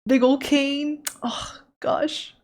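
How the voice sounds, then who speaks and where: Slow, giggly young woman streamer. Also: high-pitched, steady tone, a little mellow. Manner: giggly, gushing, emotional. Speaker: art streamer. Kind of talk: casual live-stream chat.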